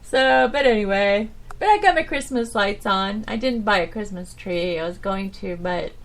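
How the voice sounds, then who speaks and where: A woman hosting her own internet radio show, talking in a halting, rambling, subdued way with nervous little laughs. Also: mid-range voice. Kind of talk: casual rambling monologue.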